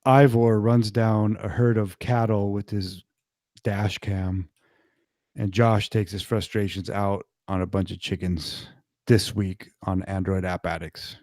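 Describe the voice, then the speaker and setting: Male podcast host, low and mellow, dry close sound, casual teaser read. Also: flat delivery, unhurried, no echo. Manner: self-critical, redoes his intro read. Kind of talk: reading a show teaser, then casual chat.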